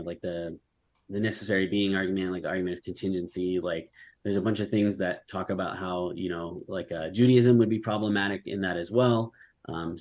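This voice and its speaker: A man with a very low voice, debating casually on a video call. He rambles and fills his talk with "like" and "um" as he thinks aloud. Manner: rambling, heavy use of "like" and "um".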